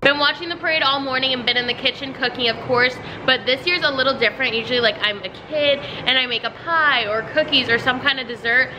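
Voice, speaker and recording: A woman's voice: sits high, fast talker, hardly any pauses, music in the background. A young woman with a stuffy nose, chatting upbeat and straight to the camera in a casual vlog. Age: young adult. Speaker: vlogger.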